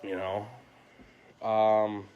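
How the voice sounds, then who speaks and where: A man's voice: fairly low pitch, monotone, drawn-out words, phone-quality sound, slight background noise. A father venting in a rambling, frustrated late-night livestream monologue from home, full of "you know" and "like", recorded on a phone. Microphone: phone camera.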